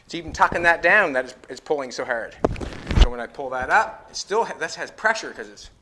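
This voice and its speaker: A Canadian man with a somewhat high, expressive voice hosts a car-building show, talking briskly as he explains each step of his metalwork. He's a metal fabricator giving hands-on build commentary in a car workshop, with plenty of background noise.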